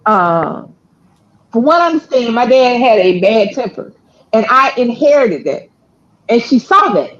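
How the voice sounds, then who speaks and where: A woman telling a family story in casual, slangy chat, acting out quotes and laughing often. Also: a little high. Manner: animated, laughing, slangy delivery with acted-out quotes. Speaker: storyteller, channel co-host. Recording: dull lo-fi sound.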